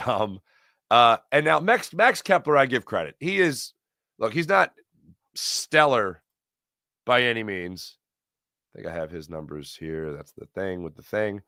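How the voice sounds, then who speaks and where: A man's voice: mid-range voice, pushed and bright, dry recording, clean studio sound. A middle-aged man hosting a casual sports talk livestream, energetically reading chat messages aloud and reacting to them. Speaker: sports talk show host.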